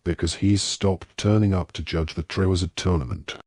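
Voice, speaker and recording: Teenage boy wizard, plain and direct, read by a low-voiced man, storybook. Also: steady tone, moderate pace, warm tone, dry recording, clean studio sound. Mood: curious.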